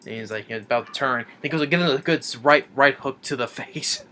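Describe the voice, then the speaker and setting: A man's voice: mid-range voice, quick pace, bright, forceful tone, a little hiss or hum. A man reviewing a film, retelling the plot in a rambling, casual way with many restarts and chuckles.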